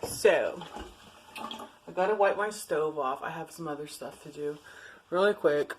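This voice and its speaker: A woman's voice: sits low, unhurried, pauses often, slight background noise, poor audio. A woman vlogging casually to camera from her home, chatty, giggly and rambling. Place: at home, indoors.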